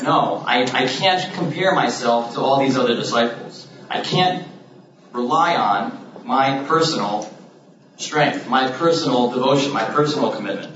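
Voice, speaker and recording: A man giving an informal Bible study, measured and thoughtful, with pauses and hesitations, recorded from a distance in a room. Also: medium pitch, a bit bright, a little hiss or hum. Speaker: Bible teacher. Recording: roomy, distant, dull mic.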